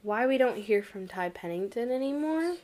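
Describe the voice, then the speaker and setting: A woman's voice: a little high, animated, normal speed, a little mellow. A woman in a casual chat, talking with lots of fillers and reading search results aloud as she goes.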